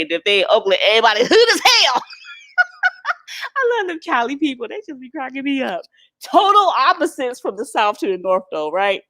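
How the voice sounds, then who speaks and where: A woman's voice: mid-range voice, fairly bright tone. A middle-aged woman chats on a live stream through a phone or webcam mic. Her voice swoops up and down as she laughs often and speaks bluntly. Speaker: vlogger hosting a live stream. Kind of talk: casual live-stream chat.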